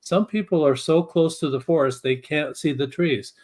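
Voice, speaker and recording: Calm, explanatory male guest. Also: fairly high pitch, moderate pace. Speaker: podcast guest. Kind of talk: interview answers.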